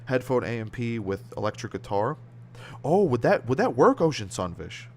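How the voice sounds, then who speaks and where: A man's voice: mid-range voice, big pitch swings, moderate pace, darkish tone, a little hiss or hum. A young American man chatting on a livestream in a loose, slang-heavy way, reacting to viewer comments. His mid-range voice rambles and breaks off mid-word, with easy laughs throughout. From United States. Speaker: streamer. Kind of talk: casual livestream chat reading viewer comments.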